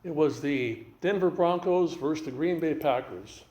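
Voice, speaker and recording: A man speaking as a guest rabbi, telling stories in an animated way and acting out the dialogue. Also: on the high side, normal speed, roomy sound, highs cut off. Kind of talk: storytelling talk.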